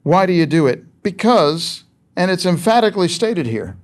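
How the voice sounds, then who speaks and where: A man's voice: on the high side, very animated, a little slow. A man preaching a sermon in a conversational, emphatic way, asking rhetorical questions of his listeners.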